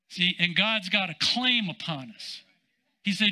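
An older man, a senior pastor, preaching a sermon in an emphatic, drawn-out way with casual asides. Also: sits high, expressive, pushed and bright, rough recording.

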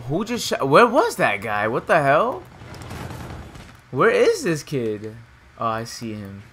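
While playing a shooter game, a young gameplay streamer delivers casual live commentary full of trash talk, quickly jumping to shouting when things go wrong. His voice is mid-range and excitable, and the audio carries a slight hiss or hum.

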